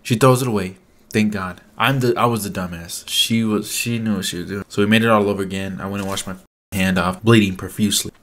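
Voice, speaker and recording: A man's voice: on the low side, steady tone, fairly quick, fairly bright tone. A young adult man telling a casual storytime vlog, rambling and profane, with lots of "like" fillers. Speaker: vlogger.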